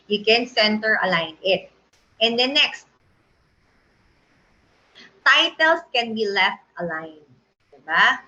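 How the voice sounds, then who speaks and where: A woman's voice: fairly high pitch, animated, takes it slowly, long pauses, bright, forceful tone, highs cut off. A woman with a Filipino accent, teaching a design tutorial in a chatty way and often checking that listeners agree. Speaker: design instructor. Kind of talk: screen-share tutorial lesson.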